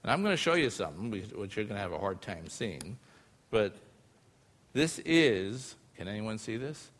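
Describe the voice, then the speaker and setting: A man with a somewhat low voice gives a public science lecture to a live audience. He explains things in a loose, conversational way, checking in with tag questions as he goes. The sound carries a long reverb from a large hall. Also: very animated, normal speed, a bit bright. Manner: casual and explanatory, often using filler phrases and tag questions. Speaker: lecturer presenting research.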